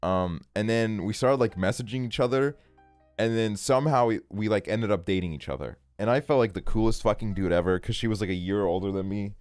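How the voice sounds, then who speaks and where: A man's voice: lowish voice, a little fast, a little mellow, dry recording, faint music behind. A young man streaming a game, telling a casual story in a rambling way, full of fillers and swearing. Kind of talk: casual storytelling while gaming.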